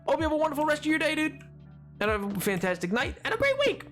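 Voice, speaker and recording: A man's voice: very high-pitched, huge pitch swings, fast talker, fairly bright tone, faint music behind. A man streaming a game, chatting casually in a goofy, rambling, playful way, a little tired. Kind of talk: casual live-stream chat while gaming.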